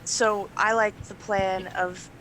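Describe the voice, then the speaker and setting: A woman's voice: medium pitch, level tone, slow pace, fairly bright tone, slight background noise. A woman playing in a tabletop game, talking in a hesitant, earnest way. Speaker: player. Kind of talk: casual game play.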